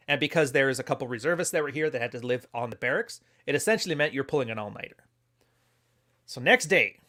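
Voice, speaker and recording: Blunt, profane man telling stories. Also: fairly high pitch. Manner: blunt, profane, animated storyteller. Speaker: commentary host. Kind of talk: casual livestream storytelling.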